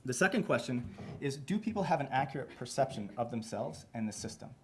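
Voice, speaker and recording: A man's voice: medium pitch, expressive, fairly quick, a bit bright, a little hiss or hum. A young adult man giving a short scientific talk, explaining his slides step by step. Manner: explanatory, walks listeners through slides step by step. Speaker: postdoctoral researcher giving a flash talk.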